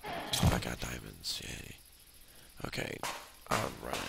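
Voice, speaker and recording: A man's voice: a bass voice, lively intonation, moderate pace, vocal fry. A man giving casual, exasperated commentary while playing a video game, often grumbling and ranting. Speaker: let's play host. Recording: loud background noise.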